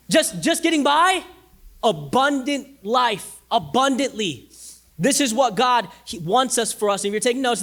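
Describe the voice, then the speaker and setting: A man pastor delivers a sermon in a high-pitched voice. He swings from loud, pressing emphasis to quiet lines that are almost whispered, and he repeats key phrases to drive them home.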